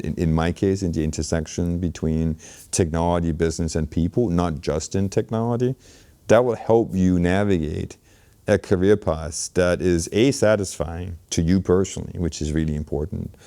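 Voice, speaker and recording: Speaking in a low, warm voice, this middle-aged interview guest, a healthcare innovation leader, reflects thoughtfully on his answers. He often restarts and leans on "you know" as a filler.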